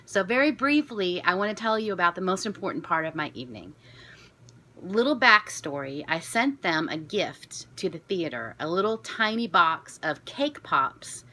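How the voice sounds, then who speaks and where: Self-deprecating woman vlogger from Florida, lowish and bright, chatty storyteller. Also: expressive, moderate pace. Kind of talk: casual storytelling to camera.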